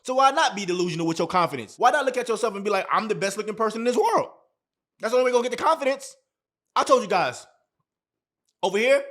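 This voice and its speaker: High-pitched young male vlogger, emphatic motivational advice, repeats his punchlines, slangy and blunt. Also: expressive, very fast, a bit bright. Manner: emphatic and repetitive, heavy slang. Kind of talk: motivational advice talk to camera.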